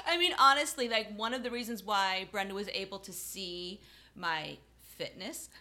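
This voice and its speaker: A woman's voice: medium pitch, sing-song, unhurried, sharp tone. A woman from South Florida co-hosting a podcast in casual chat, playful and self-mocking, laughing often. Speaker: podcast co-host.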